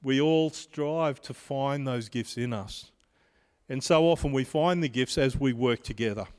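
A pastor in his fifties preaching a sermon in a measured way, mixing scripture with personal stories. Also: mid-range voice, darkish tone, clear, resonant tone. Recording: long reverb of a large hall.

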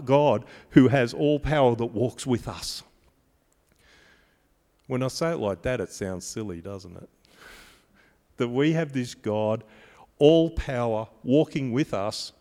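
A man preaching a sermon, telling stories that build to emphatic peaks and then drop quiet. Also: mid-range voice, long reverb tail. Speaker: pastor.

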